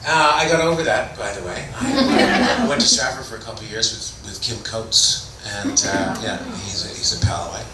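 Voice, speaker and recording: Over a noisy crowd, a middle-aged actor from Toronto, Canada, tells self-mocking, wandering stories on a convention panel in a lowish voice with lively intonation, normal speed and few pauses. It was recorded on a distant mic in an echoing convention hall.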